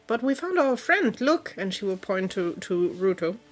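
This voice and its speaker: A woman's voice: mid-range voice, very animated, moderate pace, soft background music. A woman player in a tabletop role-play, speaking in character with some hesitation.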